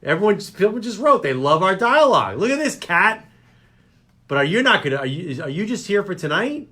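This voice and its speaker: Animated joking New man. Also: high-pitched, fairly quick. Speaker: local radio show host. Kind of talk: casual chat show banter.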